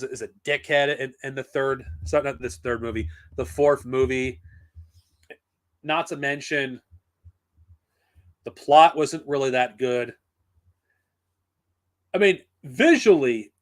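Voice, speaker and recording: A man's voice: medium pitch, fairly bright tone. A man talking casually on a live stream, blunt and profane, rambling with frequent restarts. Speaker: streamer reviewing comics and films.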